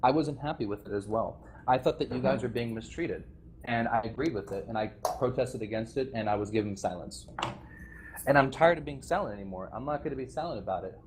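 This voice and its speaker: A man speaks into a voice-chat microphone, delivering an aggrieved, rambling speech to a community of players. His pitch sits in an ordinary middle range, and he stumbles through restarts and nervous laughs. A faint hiss runs under the voice. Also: a little fast. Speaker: former game server staff member addressing players.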